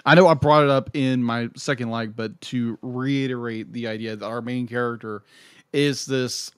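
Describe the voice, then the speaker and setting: A man's voice: medium pitch, steady tone, normal speed, clean tone, no room sound, clean studio sound. A young man co-hosting a podcast, chatting about a film with enthusiasm, laughing often and acting out quotes. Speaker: podcast co-host. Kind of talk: casual film review chat.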